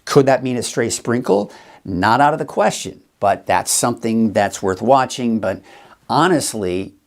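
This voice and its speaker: A man's voice: medium pitch, expressive, unhurried. A male weather forecaster hosting a live show, talking viewers through the forecast in a chatty, explaining way. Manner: chatty, explains as he goes, addresses viewers directly.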